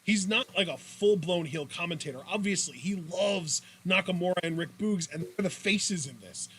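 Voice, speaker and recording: A man's voice: high voice, normal speed, a bit bright, a little hiss or hum. A young man co-hosting a wrestling podcast, talking bluntly and heatedly with lots of swearing. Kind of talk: casual profane chat.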